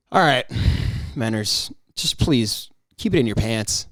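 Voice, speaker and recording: A man hosting a solo podcast, rambling in a casual, excitable way with frequent restarts and mock outrage. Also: medium pitch, takes it slowly, dry recording, clean studio sound. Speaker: podcast host.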